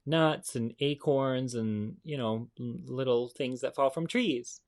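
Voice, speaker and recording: A man's voice: mid-range voice, slow pace. A man voicing an easygoing squirrel parent who answers casually and matter-of-factly.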